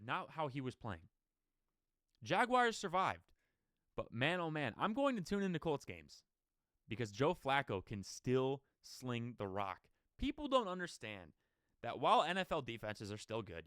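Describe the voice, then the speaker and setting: Animated man ranting about football. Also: mid-range voice, no room sound, studio quality. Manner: animated, opinionated, rapid-fire rant with rhetorical questions. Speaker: sports podcast host. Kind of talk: solo sports commentary.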